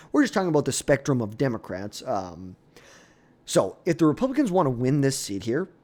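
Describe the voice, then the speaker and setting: A man's voice: mid-range voice, darkish tone. Blunt, opinionated young male commentator. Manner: opinionated, blunt, trails off and restarts. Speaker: political commentator. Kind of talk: casual political commentary.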